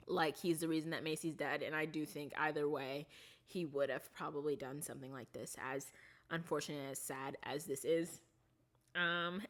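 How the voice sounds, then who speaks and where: Here a woman vlogger, her voice sitting on the low side, rambles casually through a TV series recap. Her speech is peppered with fillers and restarts, and she gentles her tone whenever the story turns sad.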